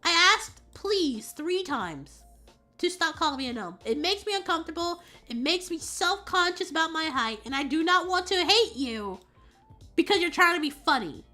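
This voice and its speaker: A woman streamer chatting casually and telling a story in an animated, rambling way. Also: very high voice, normal speed, soft background music. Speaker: VTuber streamer.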